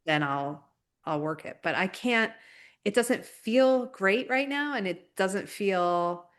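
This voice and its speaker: A woman co-hosting a casual spiritual chat podcast, talking reflectively in halting, searching phrases. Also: mid-range voice, animated. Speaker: podcast co-host.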